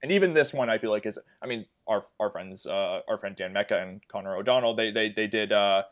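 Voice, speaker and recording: A man's voice: fairly low pitch, a little fast, lo-fi sound. Rambling man on a film podcast. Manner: rambling, many fillers and hedges. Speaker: podcast co-host. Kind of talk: casual film podcast chat.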